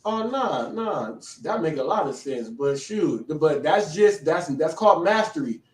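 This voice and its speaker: A man's voice: fairly high pitch, expressive, unhurried. Rambling male host in an echoey room. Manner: rambling, slangy, hesitant. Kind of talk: casual live-show interview. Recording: echoey, distant from the mic.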